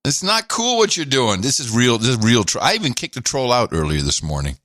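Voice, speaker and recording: Lively, bright-voiced joking male podcast host. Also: medium pitch, a little fast, dry recording, studio quality. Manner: joking, mocking, laughs often. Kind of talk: casual banter.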